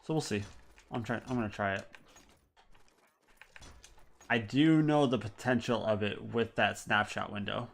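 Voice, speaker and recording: A man's voice: fairly low pitch, fairly even intonation, a little slow, gravelly, pauses often. A man streaming a game, chatting casually and thinking aloud in a matter-of-fact way. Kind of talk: casual gaming chat. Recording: game music under voice. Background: game music.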